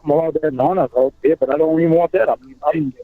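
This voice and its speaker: Halting man on a tinny phone line. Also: on the high side, dry recording. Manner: halting, restarts and repeats words. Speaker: caller on a recorded phone call. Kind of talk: casual phone conversation.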